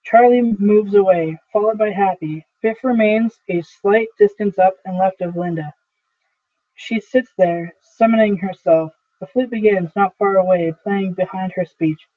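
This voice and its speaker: A man reads stage directions aloud in a plain, steady voice. His pitch is high. The recording is thin and tinny, like a phone line. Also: a little slow, distant mic. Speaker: reader of a full play.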